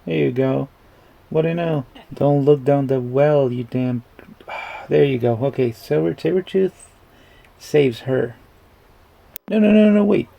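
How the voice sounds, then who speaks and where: A man's voice: mid-range voice, measured pace, gravelly, warm tone, poor audio. A man giving rambling, casual commentary while reacting to a movie, chuckling and swearing freely.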